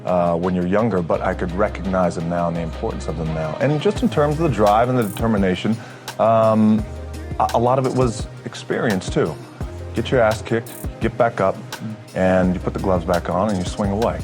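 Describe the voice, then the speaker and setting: A middle-aged man with a fairly low voice answers interview questions. He is an actor and an animated storyteller. Faint music plays underneath. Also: brisk. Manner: animated storyteller, acts out dialogue.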